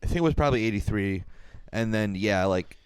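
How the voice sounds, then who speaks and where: A man's voice: lowish voice, lively intonation, brisk, smooth, no room sound. A man co-hosting a podcast, telling a music anecdote casually, with lots of filler words. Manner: casual storytelling full of "like" fillers. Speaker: podcast co-host. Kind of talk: casual chat.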